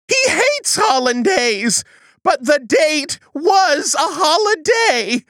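A woman performing a comedy sketch in a high, swooping voice, whiny and over-the-top melodramatic. Her delivery is unhurried and slips into folksy old-timey phrasing. The sound is close and dry. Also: sing-song, a bit bright, dry recording.

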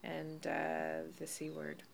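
A woman's voice: low voice, monotone, takes it slowly, gravelly, slight background noise. A woman chatting casually on a podcast, blunt and playful, often laughing.

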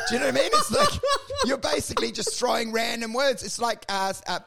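Man, comedy podcast host, high voice, rambling, acts out voices. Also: a little fast, creaky. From Australia. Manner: rambling animated storytelling, acts out voices, laughs often. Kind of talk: casual comedy podcast chat.

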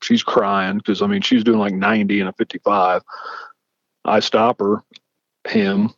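Animated storytelling man, lo-fi sound. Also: on the low side, a little slow, gravelly, dry recording. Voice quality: animated, acts out quoted dialogue. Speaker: podcast host, former police chief. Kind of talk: casual storytelling chat. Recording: dull lo-fi dry sound.

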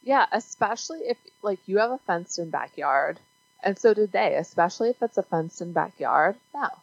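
A woman's voice: mid-range voice, expressive, a little fast, vocal fry, husky, no echo, highs cut off. A woman co-hosting a casual movie review podcast, who loses track of her point as she talks. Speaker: podcast co-host.

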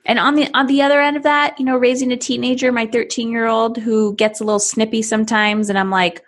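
A woman's voice: on the high side, a little fast, hardly any pauses. A woman in her thirties, a parenting coach, talking in a podcast conversation and acting out little scenes in different voices. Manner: animated, acts out scenes with voices.

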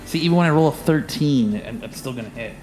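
A man's voice: medium pitch, animated, quick pace, a little mellow, faint music behind, low-quality recording. A man playing a tabletop game, calling his moves in a matter-of-fact way. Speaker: player. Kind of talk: casual tabletop play.

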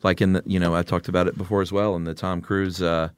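A man's voice: low voice, flat delivery, fast, smooth. A middle-aged man co-hosting a podcast in casual chat, teasing his partner and laughing easily. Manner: teasing, jokey, laughs often. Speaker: podcast co-host.

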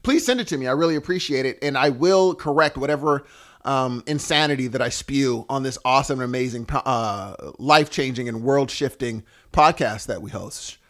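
A man's voice: medium pitch, normal speed, a bit bright. A man co-hosting a podcast, talking casually, correcting himself and thanking listeners with a self-mocking tone. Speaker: podcast co-host.

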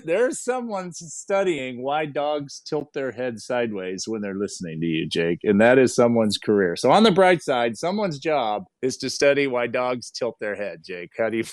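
A man's voice: medium pitch, no echo, studio quality. A man co-hosting a casual chat, playful and teasing, joking with his partner. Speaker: podcast co-host.

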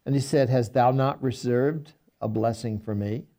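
A man's voice: medium pitch, normal speed, mellow. A man, a pastor, teaching a Bible study who reads scripture aloud and then retells it in folksy everyday speech.

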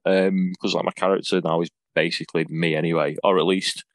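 A man chats loosely as a podcast guest, full of ums and self-deprecating asides. His voice sits very low, and the sound is dry and close. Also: level tone, a little fast, no echo. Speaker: wrestler guest. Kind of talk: casual podcast interview.

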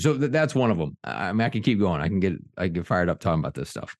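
Middle-aged male podcast guest, low voice, fired-up and earnest, dry close mic. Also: fast talker, few pauses, dry recording. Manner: energetic, earnest, many restarts. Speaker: executive coach and author, guest. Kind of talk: podcast interview storytelling.

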